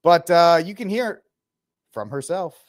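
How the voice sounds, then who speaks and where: A man's voice: on the high side, big pitch swings, measured pace. A man hosting a casual news commentary podcast, mocking and ranting in slangy talk and laughing often. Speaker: podcast host.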